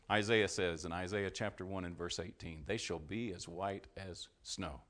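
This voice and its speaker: A male preacher delivering a sermon, asking his congregation questions, then swelling to loud, fervent climaxes before dropping low and quiet. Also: moderate pace, few pauses. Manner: asks the congregation questions and answers them.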